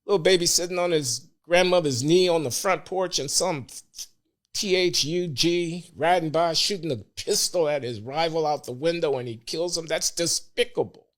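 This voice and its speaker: Earnest older man, measured talk. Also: fairly high pitch, a bit bright. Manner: earnest, measured, grows emotional. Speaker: podcast guest. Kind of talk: casual podcast interview.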